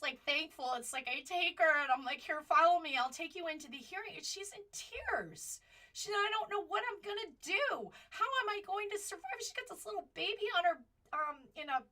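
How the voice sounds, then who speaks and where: A woman's voice: high-pitched, bright, forceful tone, far from the mic. A woman hosting a political commentary show from home, talking casually and passionately, rambling and jumping between points.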